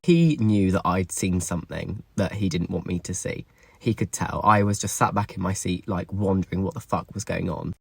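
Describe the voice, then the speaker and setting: A young man tells a painful personal story straight to camera, emotional and full of swearing. His voice is somewhat husky and sits a little low. The recording is close and dry. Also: no room sound. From England.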